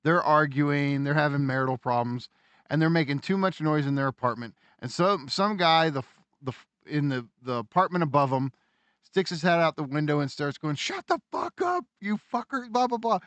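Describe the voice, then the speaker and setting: Animated, higher-pitched podcast man. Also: brisk, smooth, dry recording. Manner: animated storyteller, acts out quoted lines in shouts; profane, theorizing. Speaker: podcast co-host. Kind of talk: casual conversation.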